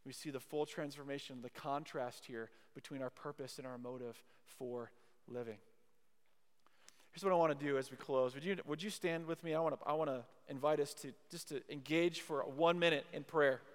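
Man preaching, slightly high voice, emphatic, long hall reverb. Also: fairly even intonation, moderate pace. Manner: emphatic, repeats key phrases, then drops to a hushed prayer. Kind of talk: sermon. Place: university chapel or hall.

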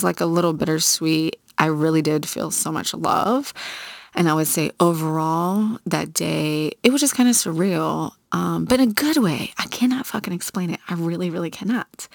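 A woman's voice: on the low side, no room sound, studio quality. A woman in her thirties casually telling a candid personal story as a podcast host, chatty with lots of fillers and some swearing.

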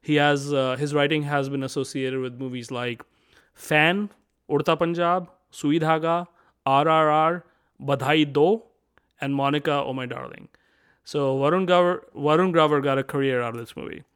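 Guy in a film review podcast, slightly high voice, keeps asking questions. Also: fairly even intonation, moderate pace, a bit bright, smooth. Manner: inquisitive, poses questions and reads review quotes. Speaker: podcast co-host. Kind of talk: casual film review chat.

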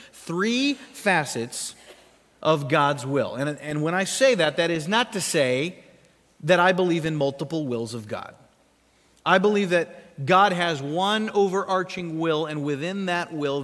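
A man preaching a sermon as a pastor, animated and fond of questions and stories. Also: fairly high pitch, big-room sound.

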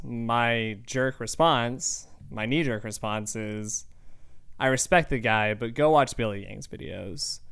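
A young man hosting his own podcast, talking in an earnest, reflective and measured way. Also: mid-range voice, a bit bright, clear, resonant tone. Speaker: podcast host. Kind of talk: casual monologue.

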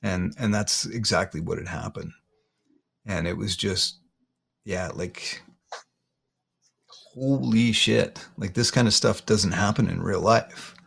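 A man, a guest in an interview, retelling a painful personal story haltingly, often repeating words. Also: sits low, fairly even intonation, creaky, fairly bright tone, breathy edge.

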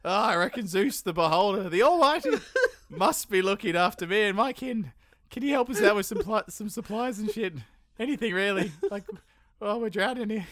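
A man's voice: sits high, animated, normal speed, fairly bright tone, no echo, clean studio sound, pitched above the performer's own voice. A man doing a pleading castaway. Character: desperate shipwrecked man begging for help.

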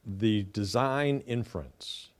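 Low-voiced male interviewer prompting. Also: takes it slowly. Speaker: interviewer host. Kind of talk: interview questions.

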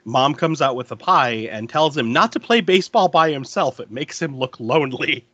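A man's voice: medium pitch, expressive, moderate pace, a bit bright, slightly rough, no echo, highs cut off. A man hosting a podcast, casually retelling a movie scene by scene, laughing often and acting out the lines he quotes. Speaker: podcast host recapping a movie. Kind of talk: casual chat.

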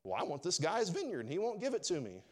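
A man's voice: fairly high pitch, brisk, natural voice. A man doing a petulant greedy king. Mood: demanding. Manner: whiny, demanding.

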